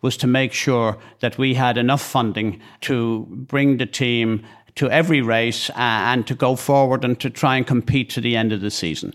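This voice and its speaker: A man's voice: mid-range voice, normal speed. Rambling older Irish man. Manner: rambling, animated storyteller. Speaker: podcast co-host. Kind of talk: casual chat.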